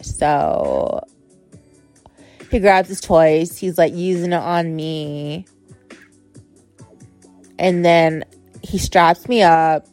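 A woman's voice: low-pitched, expressive, drawn-out words, pauses often, darkish tone, faint music behind. A woman hosting a podcast, telling a story in casual, blunt and profane talk full of fillers. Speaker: podcast host.

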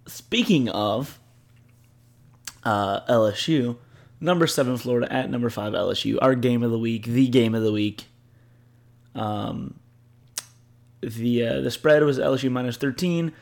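A man's voice: medium pitch, a little slow, gravelly, pauses often. A young man co-hosting a podcast, chatting casually about football in a laid-back, teasing way. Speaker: podcast co-host. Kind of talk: casual sports chat.

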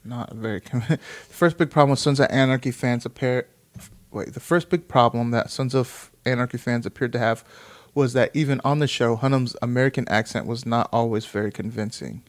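A man's voice: medium pitch, brisk. Rambling man reacting to an article. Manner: rambling, profane, reads aloud then reacts. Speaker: commentator reading an article. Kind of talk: casual reaction commentary.

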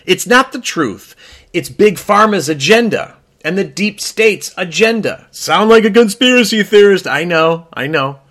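A man co-hosting an opinion talk show in a casual chat, talking emphatically and rising in pitch when he gets worked up. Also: lively intonation, a little slow, a bit bright. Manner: frequent fillers and restarts. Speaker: co-host.

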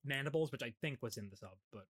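A man's voice: medium pitch, lively intonation, fast talker, a bit bright. A man hosting a podcast, recapping an episode in casual chat, rambling with many fillers and restarts.

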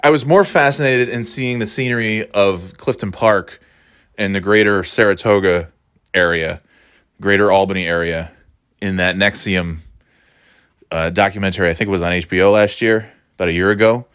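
A man's voice: on the low side, moderate pace, a bit bright, smooth. A male podcast host rambles through a casual monologue, swearing freely. His storytelling is loose and self-mocking, full of restarts and asides.

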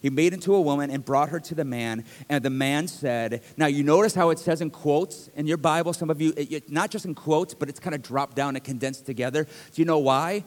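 A man's voice: a little high, brisk, hardly any pauses, in a large hall. A middle-aged male pastor preaching a sermon in a conversational, joking way that rises to emphatic bursts, in a church. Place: church sanctuary.

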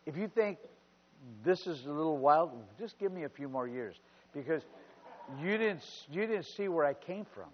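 In a church sanctuary, an older pastor shares personal stories, his slightly high, animated voice building to fervent exclamations at a moderate pace. The sound is muffled, as church recordings often are, with a long reverb tail.

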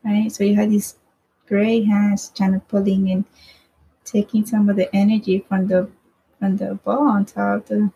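A woman's voice: medium pitch, level tone, unhurried, gravelly, warm tone, lo-fi sound, slight background noise. A woman casually telling a personal story in a rambling way, swearing freely and often asking "right?".

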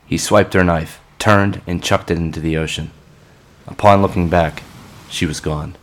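A man giving scripted narration for an audio drama in a measured, grim storytelling manner. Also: sits low, fairly even intonation.

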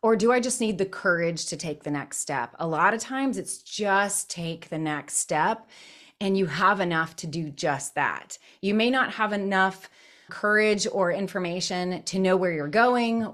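A woman's voice: fairly low pitch, fairly bright tone. A middle-aged woman, a counselor and author, speaking as a podcast guest in an encouraging, reflective way. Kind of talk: conversational interview.

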